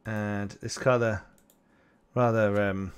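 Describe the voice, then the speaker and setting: A man's voice: on the low side, fairly even intonation, slow, clean tone, dull audio. A man running a tabletop game as game master, narrating in a loose, rambling way with plenty of fillers.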